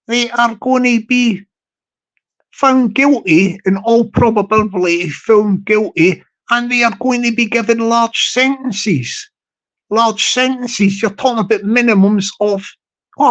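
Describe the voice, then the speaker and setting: A man's voice: high-pitched, a bit bright, low-quality recording. Guy rambling on his live stream, lots of uh and the the, repeats himself a lot. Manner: halting, repetitive, many fillers and restarts.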